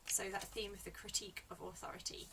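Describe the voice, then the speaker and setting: A woman teacher analysing a poem in a lesson, explaining slowly and repeating key words. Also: medium pitch, level tone, vocal fry, recorded from a distance, very noisy. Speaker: English teacher.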